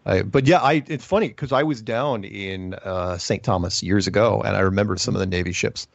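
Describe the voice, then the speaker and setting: A man's voice: on the low side, brisk, gravelly, no echo. A middle-aged man hosting a casual chat, rambling with lots of restarts. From United States. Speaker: podcast host. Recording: dull lo-fi sound.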